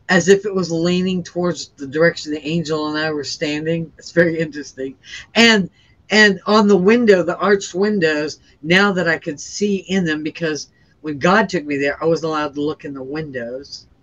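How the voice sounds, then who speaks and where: A woman's voice: fairly low pitch, moderate pace, dull audio. A woman guest giving an earnest, rambling account in conversation, restarting her sentences and using plenty of fillers. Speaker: interview guest sharing a near-death experience.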